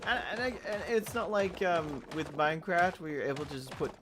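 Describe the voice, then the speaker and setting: An adult gaming host talking through a playthrough in casual let's-play commentary, rambling with restarts and swinging from mumbled asides to loud outbursts. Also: mid-range voice, lively intonation, fairly quick, noisy background. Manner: chatty, rambling with fillers and restarts. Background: game music.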